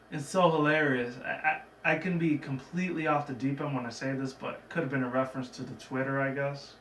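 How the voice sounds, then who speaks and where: A man's voice: medium pitch, steady tone, brisk, fairly bright tone. A man casually recapping a cartoon episode in a chatty, digressive way, with lots of fillers. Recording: roomy, from a distant mic, faint background noise.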